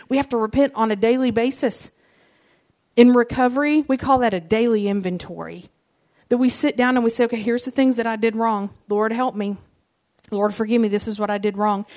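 A woman's voice: medium pitch, darkish tone. A woman, giving a sermon and telling personal stories in a conversational, humorous way. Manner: conversational and humorous, addresses the audience directly. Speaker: speaker giving a church message.

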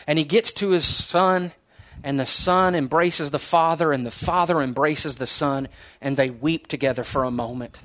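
A pastor delivering a sermon in a slightly high man's voice. He tells his story earnestly, then sinks into soft, hushed phrases to drive a point home. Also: moderate pace. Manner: earnest storytelling preacher, dropping to soft, hushed tones for emphasis.

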